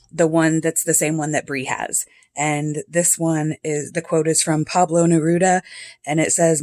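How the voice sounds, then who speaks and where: A woman's voice: low-pitched, a little mellow, dry recording, studio quality. A woman vlogger at home, chatting casually and reading quotes aloud, laughing often as she comments. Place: home with cats and dogs.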